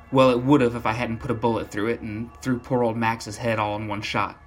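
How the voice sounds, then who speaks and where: Gritty deadpan man narrating horror. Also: fairly low pitch. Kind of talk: first-person horror story narration.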